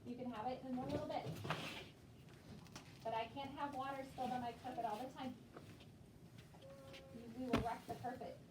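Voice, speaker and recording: A woman's voice: a little high, steady tone, moderate pace, long pauses. A woman teacher leading a class read-aloud, patiently prompting children word by word in a classroom. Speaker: elementary school teacher. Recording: echoey room, distant mic, background noise.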